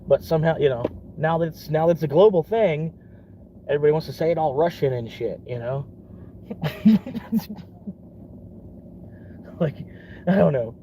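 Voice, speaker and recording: A man's voice: fairly high pitch, expressive, normal speed, long pauses, warm tone, slight background noise. A young man from Florida in a casual rambling vlog, swearing often and laughing between thoughts. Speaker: vlogger.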